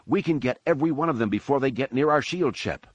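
A male audiobook reader voicing an excitable young man who calls out in quick, eager bursts. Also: medium pitch, slightly rough, no room sound, lo-fi sound, voice pushed up. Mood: urgent. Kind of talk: audiobook character voice.

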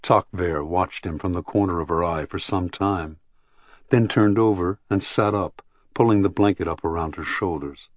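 A male audiobook narrator reads a novel in a measured, expressive style from a script. His voice is low-pitched, and the studio-quality recording has no room sound.

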